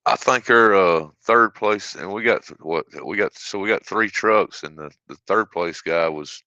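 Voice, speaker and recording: Guest voice: man with a very deep, forceful voice, casual and halting, on a dull lo-fi line. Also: no room sound. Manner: reads listener questions aloud, halting. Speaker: podcast guest. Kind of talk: casual podcast chat. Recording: dull, dry lo-fi sound.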